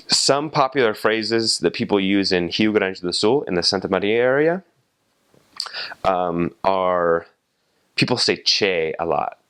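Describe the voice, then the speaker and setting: A young man explaining things in a relaxed, casual way, with many fillers and restarts. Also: sits low, smooth. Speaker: vlogger explaining language differences.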